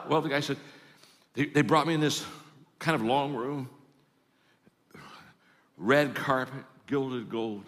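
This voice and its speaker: A man spins a sermon-style story with a chatty, stammering delivery. His pitch is ordinary and mid. The hall's long reverb trails behind every line. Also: slow pace, long pauses, a bit bright. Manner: stammering repeats, chatty asides. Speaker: speaker.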